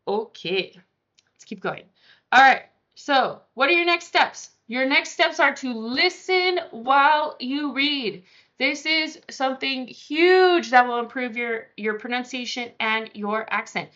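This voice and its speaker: A young woman with a high, bright voice teaches a pronunciation lesson, slowly repeating each example word. The recording sounds dull and lo-fi. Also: big pitch swings. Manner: explains slowly, repeating and drawing out example words. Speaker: French teacher.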